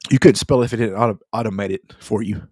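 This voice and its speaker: A man's voice: on the low side, quick pace, a little mellow, no room sound, clean studio sound. A middle-aged man co-hosting a gaming podcast, laid-back and wisecracking in casual chat. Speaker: podcast co-host.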